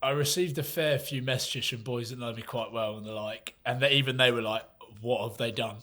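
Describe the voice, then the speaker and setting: A man co-hosting a casual podcast chat, telling a story in a lively, laughing way and swearing freely. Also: mid-range voice, brisk. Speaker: podcast co-host.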